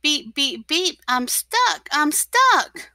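A woman voicing a small, brave male toy truck in a storybook, crying out in a high, urgent voice. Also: very animated, drawn-out words, pushed and bright, no echo, clean studio sound, heavily acted. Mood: panicked.

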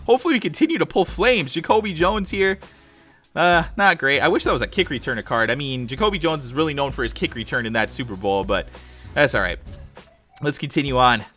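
A young man, a gaming YouTuber, commenting on card pack openings in a casual, excited way and shouting with joy at big pulls. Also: a little high, brisk, faint music behind. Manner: hyped, exclaims loudly at big pulls; casual, says dude and guys a lot.

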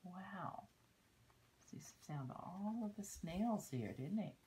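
An older woman reads a children's picture book aloud, unhurried and gentle. Her voice sits low, and she stops often to point at the pictures and teach little lessons along the way. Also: lively intonation, low-quality recording. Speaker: storybook reader.

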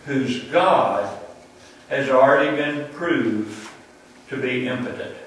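Slow, deliberate male preacher in an echoing hall. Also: mid-range voice, fairly bright tone, slight background noise. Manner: slow, deliberate storytelling with dramatic pauses. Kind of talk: sermon. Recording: very echoey room, distant mic, faint ambience.

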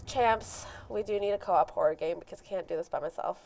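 A woman's voice: lowish voice, moderate pace, vocal fry, noisy background. A young woman streaming a horror game, talking to her viewers, often frightened, sighing, whispering and yelping. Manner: jumpy, yelps and screams, talks to viewers; frightened running commentary with sighs and whispers. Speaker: gaming streamer. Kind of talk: live horror game commentary. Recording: game music playing behind.

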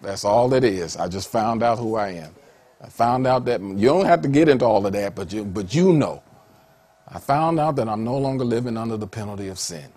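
A man a sermon with a fairly low speaking voice. He talks in an animated way, laughs often and breaks into high, excited calls. His delivery swings between quiet, earnest stretches and loud, joyful peaks. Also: a little fast. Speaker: preacher.

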